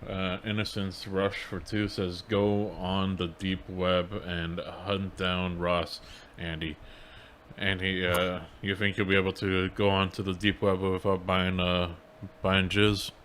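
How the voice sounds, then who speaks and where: A man on a casual livestream who reads out viewer donation messages in a low-key way. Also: level tone, slow pace, fairly bright tone, slight background noise. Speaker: co-host reading viewer donations.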